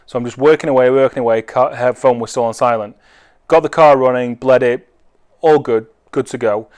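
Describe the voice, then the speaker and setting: A man's voice: mid-range voice, fairly quick, darkish tone. A man who builds cars, telling a rambling anecdote with wry swearing. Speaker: car enthusiast. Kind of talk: casual anecdote.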